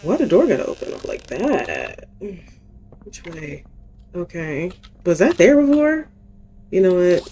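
A young woman playing through a horror game, chatting to herself and her viewers in an unhurried, drawn-out way. She pokes fun at her own mistakes and talks straight back to the characters on screen. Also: on the low side, wildly swooping pitch, mellow, a little hiss or hum. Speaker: gaming youtuber. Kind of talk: casual let's-play commentary.

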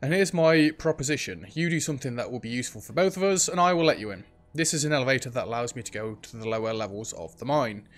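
A man's voice: mid-range voice, animated, fast talker, few pauses, natural voice. A man voicing a mine keeper from a game, reading the lines aloud in a bargaining tone. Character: gruff male mine keeper guarding an entrance.

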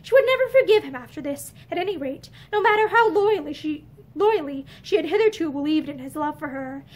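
High-voiced woman reading a novel aloud. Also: expressive, brisk. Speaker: audiobook reader. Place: indoor room with bookshelves. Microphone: camera facing her.

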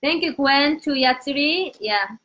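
A woman teaching Korean on a live lesson, animated, switching between Korean and English, with uneven English grammar. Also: high-pitched, measured pace. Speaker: Korean language teacher, host. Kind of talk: live-stream language lesson.

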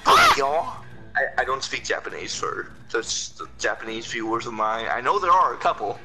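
Young male gamer, sharp bright tone, jumpy pitch, faint music under. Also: moderate pace, low-quality recording. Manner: animated, laughing, whiny complaints. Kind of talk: casual gameplay chat.

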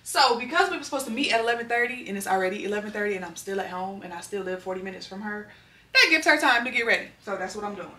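In this casual home vlog, a young woman addresses her audience directly and openly, talking very fast with a bright, forceful, medium-pitched voice full of animation. The distant mic captures the echo of a roomy indoor space.

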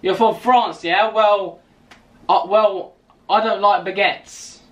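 A man's voice: high-pitched, steady tone, slow. A young man from England with a London accent, hosting a casual video chat and teasing strangers with mock insults while laughing often. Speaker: YouTuber host.

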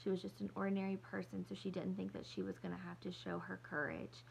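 A woman teacher reading a novel aloud to her class in a relaxed way, with fillers as she thinks aloud. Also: mid-range voice, quick pace, creaky, slight background noise.

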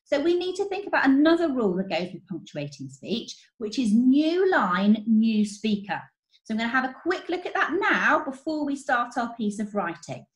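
A woman teacher, explaining writing step by step in an online lesson, clearly and encouragingly. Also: fairly high pitch. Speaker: primary school teacher. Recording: roomy echo.

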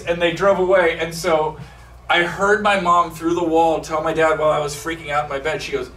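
A man telling a profane, animated comedy story on a theater stage, acting out the people in it. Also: on the high side, fairly quick. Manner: profane, animated, acts out voices. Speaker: stand-up storyteller. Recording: echoey live room, mic from a distance, background noise.

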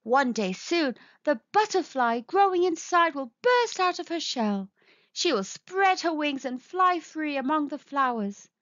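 A patient, loving mother mole in a storybook, as a woman reader puts her on, speaking softly and unhurriedly and sometimes dropping to a whisper. Her voice sits high and is lively, and the sound is dull and lo-fi. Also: no echo, full character voice. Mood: gentle. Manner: soft, slow and soothing, sometimes whispered.

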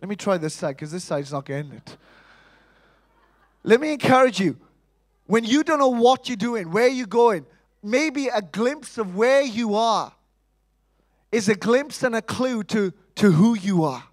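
A man with a fairly high voice delivers a lively, humorous sermon, calling out to the congregation for responses. His voice sits close to the mic and sounds dry, with little room sound around it. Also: measured pace, long pauses, dry recording, low-quality recording. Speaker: preacher. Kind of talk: Easter sermon.

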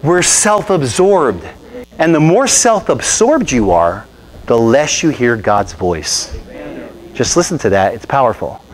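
Animated preaching man. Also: medium pitch, a little slow, low-quality recording. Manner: animated, conversational preaching with asides and rhetorical questions; quotes scripture and acts out other people's remarks. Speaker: pastor. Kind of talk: sermon at a Bible study.

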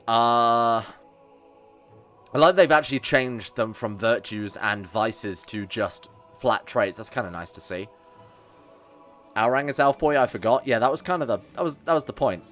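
A man's voice: mid-range voice, a bit bright. A young man, chatting casually and joking with his chat while he sets up a strategy game on stream. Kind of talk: live game commentary. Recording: faint music behind.

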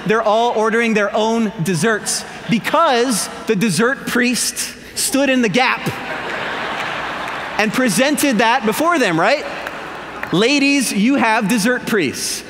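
A man's voice: sits high, a little slow, a faint crowd, slight background noise. A male pastor giving a humorous sermon in a church, telling stories with jokes and impressions. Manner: animated storytelling with jokes and impressions. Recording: long hall reverb.

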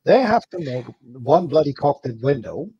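Teasing man with a husky voice. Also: mid-range voice, very animated, normal speed, dull audio. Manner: teasing, dry jokes, laughs often. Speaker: co-host on a live stream. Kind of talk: casual live-stream banter.

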